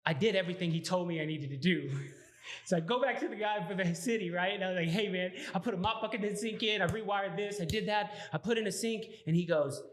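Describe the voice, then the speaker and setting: A man with a Texan accent, a restaurant owner telling his story as a guest in a casual chat, animated and laughing as he acts out the dialogue. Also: high voice, fast.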